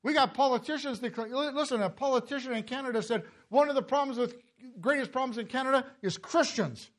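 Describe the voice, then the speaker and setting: A man preaching a sermon and reading scripture, impassioned, swinging from loud calls to low, hushed lines, often coughing and clearing his throat. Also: quick pace. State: emotional, tearing up. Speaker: pastor.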